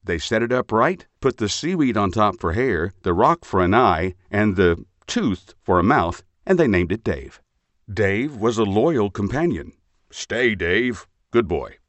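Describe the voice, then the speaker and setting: Male storybook reader, low voice, very animated delivery, dry close sound. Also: a little slow, dry recording. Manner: expressive, lively storytelling. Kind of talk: children's storybook reading over phone line.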